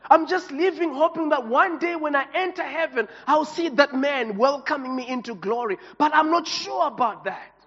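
Pastor, male, very high voice, passionate emotional sermon; recorded in a reverberant hall with a dull lo-fi sound. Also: normal speed, few pauses, fairly bright tone.

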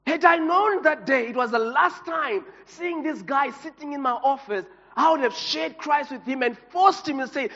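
A man's voice: extremely high pitch, normal speed, few pauses, pushed and bright. A pastor preaching an emotional, passionate sermon to his congregation. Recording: reverberant hall, dull lo-fi sound.

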